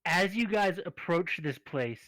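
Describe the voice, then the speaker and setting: A man runs a tabletop game, laying out scenes in an unhurried, descriptive way. His voice sits a bit high and sounds bright and forward, with a dry, close recording. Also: expressive, no room sound, poor audio. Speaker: game master.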